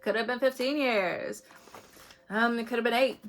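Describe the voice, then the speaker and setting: A woman's voice: fairly high pitch, steady tone, normal speed. A woman giving a casual spiritual astrology reading to the camera, chatty, swearing freely and laughing often between phrases. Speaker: astrology reader.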